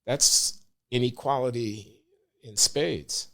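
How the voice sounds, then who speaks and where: A man speaking as a guest on a podcast, talking deliberately and emphatically, with pauses and uh fillers. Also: medium pitch, a bit bright. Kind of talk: podcast interview.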